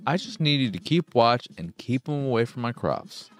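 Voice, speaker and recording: A man voicing a gruff, impatient farmer with a goblin problem, blunt and no-nonsense. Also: mid-range voice, sing-song, normal speed, close to an everyday voice.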